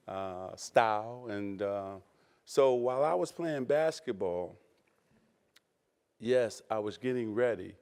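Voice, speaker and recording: A man's voice: fairly low pitch, darkish tone. A man answering questions as a guest on stage in front of an audience, chatty, laughing often and using lots of fillers. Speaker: guest speaker. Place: stage before a live audience.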